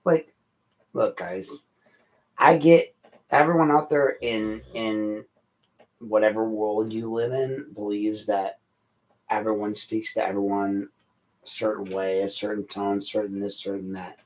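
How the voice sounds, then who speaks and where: Middle-aged man, blunt and frustrated, low voice, late-night podcast monologue. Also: fairly even intonation, unhurried, a little mellow, poor audio. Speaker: podcast host.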